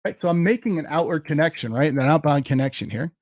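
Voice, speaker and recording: A man giving a casual live software demo at a tech meetup, thinking aloud as he types commands. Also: a little high, fast, no echo, studio quality.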